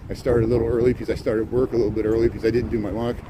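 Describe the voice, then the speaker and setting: On a casual walking livestream, a vlogger touring a city chats and rambles while answering viewers on a cold, windy street. He talks very fast in a mid-range voice with little pitch movement.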